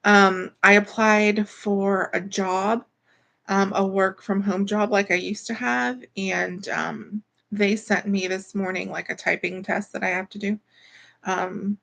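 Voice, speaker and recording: A woman's voice: mid-range voice, flat delivery, takes it slowly, creaky, a bit bright. A woman hosting a live stream, chatting casually in a rambling way with lots of fillers and greeting viewers by name.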